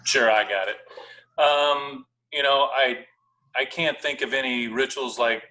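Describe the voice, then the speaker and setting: A man speaking in a thoughtful, halting way in casual chat. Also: medium pitch, steady tone, bright, forceful tone, far from the mic, low-quality recording. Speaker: guest fighter.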